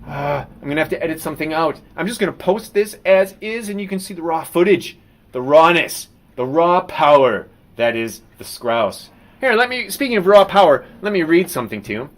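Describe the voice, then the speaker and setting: Theatrical painter, rambling live. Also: male voice, fairly high pitch, lively intonation, normal speed. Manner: theatrical, swings from muttering to loud outbursts. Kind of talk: rambling live stream and reading aloud.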